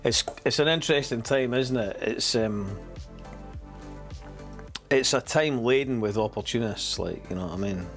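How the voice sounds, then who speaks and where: A man's voice: mid-range voice, normal speed, pauses often, fairly bright tone, soft background music. A Scottish man hosting a casual livestream, rambling and swearing freely, with chuckles along the way. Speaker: streamer host.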